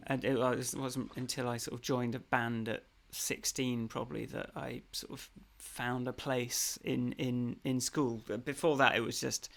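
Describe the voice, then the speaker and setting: A man's voice: mid-range voice, little pitch movement, unhurried, creaky, few pauses, fairly bright tone. A man co-hosting a podcast, talking casually in a rambling, hesitant way with many fillers and restarts. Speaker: podcast co-host. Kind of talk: casual conversation.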